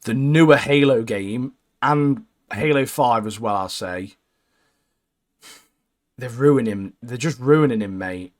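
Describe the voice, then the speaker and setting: A young man co-hosting a casual gaming chat, blunt and opinionated, ending phrases with "mate" and dropping low. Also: slow. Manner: blunt, says "mate" constantly, trails off low at line ends. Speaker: co-host.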